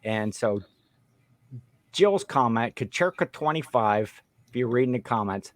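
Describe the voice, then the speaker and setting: A man's voice: mid-range voice, lively intonation, measured pace, long pauses, no room sound, clean studio sound. A man co-hosting a podcast, chatting in an easygoing way and explaining things plainly. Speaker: podcast co-host. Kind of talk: casual chat.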